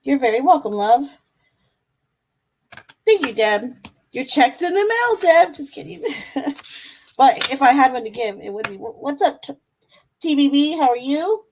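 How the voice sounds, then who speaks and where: A woman's voice: high voice, animated, moderate pace, pauses often, a little mellow, low-quality recording. Chatty, affectionate woman tarot streamer. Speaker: tarot reader and live-stream host. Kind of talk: casual live-stream chat with tarot reading.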